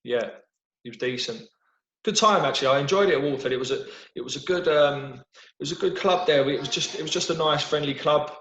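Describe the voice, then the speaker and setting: A man's voice: on the high side, quick pace, a bit bright. A man with a London English accent, a football manager being interviewed in casual chat, rambling with frequent restarts and repeated words over a video call. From London, England. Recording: roomy, dull video-call audio.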